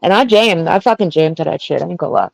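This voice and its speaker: A woman's voice: low-pitched, animated, gravelly, no echo, rough recording. A woman in casual chat on a stream, crude and mocking. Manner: crude, mocking, quick to laugh.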